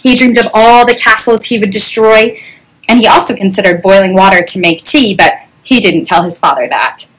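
A woman reading a children's picture book aloud, animated, with lots of exclamations. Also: medium pitch, moderate pace, husky, rough recording. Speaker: children's story reader.

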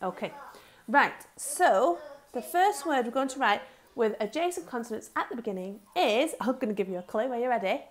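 A young woman, a reception teacher leading a phonics lesson in a lively, sing-song way, sounding words out slowly. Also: fairly high pitch.

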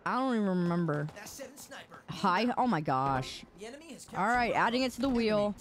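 A woman's voice: mid-range voice, moderate pace, pauses often. A woman game streamer chatting casually and teasingly with her viewers while she plays. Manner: animated, teasing, talks to chat. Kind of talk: casual live-stream chat.

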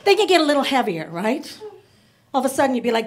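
A woman performing a stand-up comedy set on stage, chatty and quick to slip into voices for characters. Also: high voice, very animated. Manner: chatty, rapid shifts into voiced asides. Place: comedy club stage before a laughing audience.

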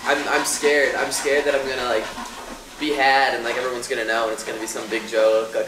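A man's voice: mid-range voice, level tone, fairly quick, pushed and bright. A young man talking casually to the camera in his apartment, rambling and hesitant, mocking himself with lots of fillers. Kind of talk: casual confessional talk to camera. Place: apartment room. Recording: roomy echo, faint background noise.

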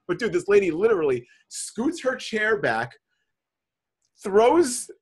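A man hosting a casual podcast, telling a profane, animated story and calling people bro. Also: on the high side. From New York. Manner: animated storytelling, swears a lot, says bro. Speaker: podcast host.

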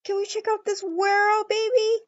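A woman voicing an excitable young adult girlfriend in a game role-play, gushing with delight. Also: very high-pitched, a little slow, no echo, muffled recording, pitched above the performer's own voice.

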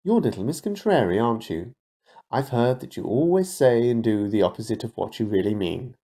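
A man voicing a cheerful, friendly storybook character with a husky voice. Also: medium pitch, animated, a little fast, dark tone. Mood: friendly amused.

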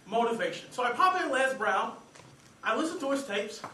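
A young man giving a humorous contest speech, acting out scenes with lively energy. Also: very high voice, normal speed, a little hiss or hum. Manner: animated, acts out scenes and voices. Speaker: contest speaker. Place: meeting hall stage. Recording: echoey hall, distant mic. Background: audience laughter.

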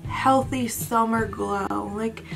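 A woman's voice: fairly high pitch, fairly even intonation, slow pace, creaky, music in the background. A young woman vlogger chatting casually at home, rambling and often unsure how to pronounce names. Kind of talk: casual chat. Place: indoors at home at night.

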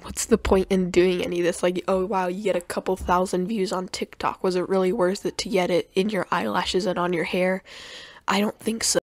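A woman's voice: fairly low pitch, little pitch movement, fairly quick, few pauses, dry recording, clean studio sound. A young woman giving sarcastic, mocking commentary on clips, often tripping over her words. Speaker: commentary youtuber.

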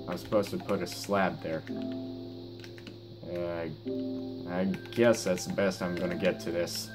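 A teenage boy with a low, deep voice talks slowly through his gameplay, halting and restarting with lots of fillers. His mouth is sore after dental surgery, and guitar music plays under his voice. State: sore mouth after wisdom teeth removal. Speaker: gaming YouTuber. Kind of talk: casual gameplay commentary.

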